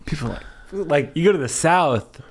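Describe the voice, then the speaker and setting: A man hosting a podcast, a comedian working out a stand-up bit in conversation with a wry, deadpan delivery. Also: a little high, unhurried.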